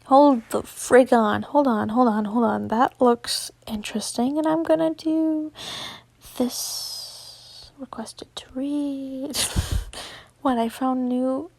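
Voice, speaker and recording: Young woman reading fan fiction, slow and giggly, gravelly edge, swears in asides. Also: fairly high pitch, fairly even intonation, a little mellow. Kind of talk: casual story reading with asides.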